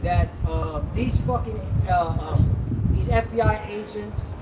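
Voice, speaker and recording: High-voiced man preaching on a noisy street. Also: slow. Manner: forceful and scolding, peppered with "okay?" and "all right?". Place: outdoors on a street. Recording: roomy outdoor recording, heavy street noise from a distance. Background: traffic and street ambience.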